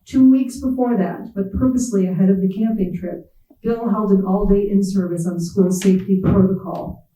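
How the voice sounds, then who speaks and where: A writer giving a measured, wry literary reading in the second person. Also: medium pitch, fairly even intonation, warm tone, echoey room, distant mic, a little hiss or hum, low-quality recording. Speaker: visiting writer. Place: reading event hall.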